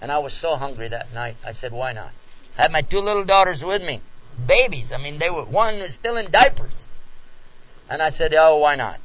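A man speaking at a talk, telling a personal story in an animated way and acting out the scenes. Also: fairly high pitch, moderate pace. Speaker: lecturer answering questions. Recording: dull lo-fi recording.

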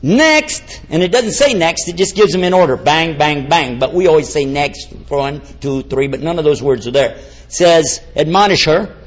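A man preaching to a live audience, animated and quizzing them with questions and jokes. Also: on the high side, moderate pace. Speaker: Islamic preacher. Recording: dull lo-fi sound.

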